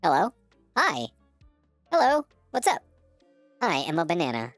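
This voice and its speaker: A male streamer running his voice through a voice changer to make a tiny, goofy, pitched-up voice. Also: huge pitch swings, unhurried, a bit bright, dry recording, soft background music, full character voice. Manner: goofy, playful.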